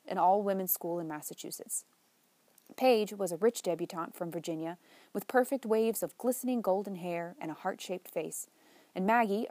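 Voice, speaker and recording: A woman narrating a novel in a measured, lightly wry storytelling manner. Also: medium pitch, darkish tone, dry recording. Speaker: audiobook narrator. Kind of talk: scripted narration.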